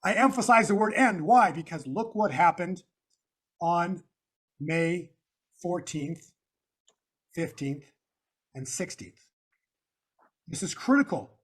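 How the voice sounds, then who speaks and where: A man's voice: a little high, animated, slow, pauses often, slightly rough. A man being interviewed, walking through slides in an emphatic, repetitive, preacher-like way. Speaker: guest analyst.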